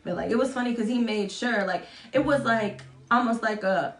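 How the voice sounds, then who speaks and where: Chatty woman in an echoey room. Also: moderate pace. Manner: chatty, swearing, self-mocking, acts out quotes in high voices. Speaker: vlogger. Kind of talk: casual storytelling vlog.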